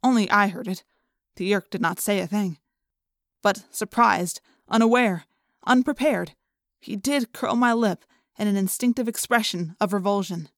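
A woman's voice: mid-range voice, normal speed, no echo, clean studio sound. Woman narrating a tense audiobook. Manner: tense first-person storytelling. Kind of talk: scripted narration.

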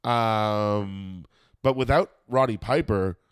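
A man's voice: on the low side, slow pace, clean tone, dry recording, studio quality. A man, a comedian hosting a podcast, chatting casually and rambling with lots of swearing and fillers; he has a cold and a smoker's cough. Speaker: podcast host and stand-up comedian. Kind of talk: casual chat.

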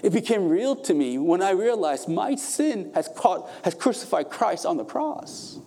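A man preaching a sermon as pastor, passionate and emphatic, climbing to forceful peaks and then dropping to a softer, calmer tone. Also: sits high, a little slow, creaky.

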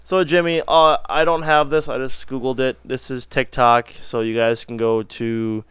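A man's voice: medium pitch, steady tone, moderate pace, a bit bright, smooth, no echo. A man hosting a casual podcast chat, loose and joking with crude humor. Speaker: podcast host.

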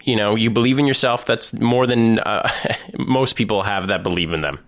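A man hosting a relaxed interview, throwing in short, friendly follow-up questions. His voice is fairly low and sounds dry and close, with little room echo. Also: moderate pace. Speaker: interviewer, host. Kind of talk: casual interview chat.

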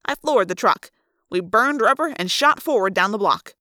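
Woman reading a book aloud, expressive, bright, animated, dry close sound. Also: medium pitch, normal speed, no room sound. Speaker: narrator. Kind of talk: fan read-aloud of a novel.

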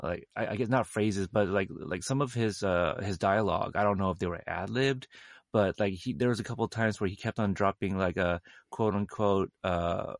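A man in a casual film discussion, talking haltingly with many fillers and restarts. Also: lowish voice, vocal fry, no echo, studio quality.

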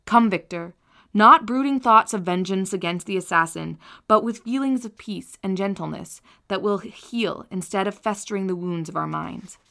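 A woman reading a novel aloud as an audiobook narrator, in an earnest and measured storytelling manner. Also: mid-range voice, vocal fry, pushed and bright. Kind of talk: scripted narration.

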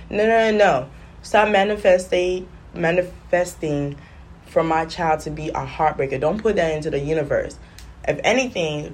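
A woman's voice: low voice, slight background noise. Sassy woman ranting. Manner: animated, sassy storytelling with patois slips. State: coughing. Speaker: vlogger. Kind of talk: casual smoking-session rant.

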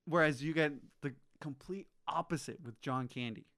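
A man in casual movie chat, animated and ranting, swearing freely. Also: on the high side, normal speed.

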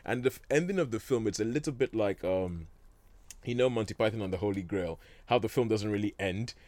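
A man with a lowish voice rambles through a film recap in casual chat, stopping and restarting his sentences. The sound is dry and close, with no room around it. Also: brisk, a little mellow, dry recording. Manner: rambling, many fillers and restarts, chuckles often. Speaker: film discussion host. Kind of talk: casual chat about films.

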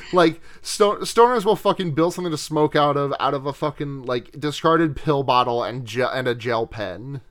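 A young man co-hosting a casual podcast, rambling and swearing as he recaps a movie and laughs often. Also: medium pitch. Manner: rambling, profane, quick to laugh. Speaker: podcast co-host.

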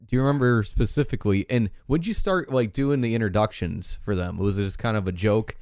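Male interviewer, low smooth voice, loose rambling questions, dry close mic. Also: brisk, dry recording. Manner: relaxed, rambling, many fillers. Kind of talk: casual interview chat.

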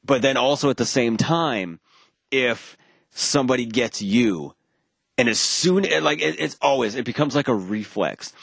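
A man's voice: medium pitch, unhurried, gravelly, slightly rough, no echo, clean studio sound. A man casually telling a long anecdote, acting out the quoted dialogue, rambling with restarts and the odd swear word. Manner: animated, acts out quoted dialogue; rambling with frequent restarts and profanity. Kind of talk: casual storytelling chat.

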